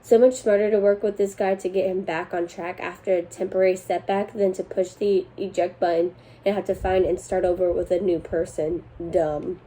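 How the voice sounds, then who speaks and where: A woman's voice: fairly low pitch, flat delivery, moderate pace, hardly any pauses, warm tone, rough recording. A young woman chatting casually as host, reading online posts aloud and laughing between lines. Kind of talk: casual chat reading forum stories aloud.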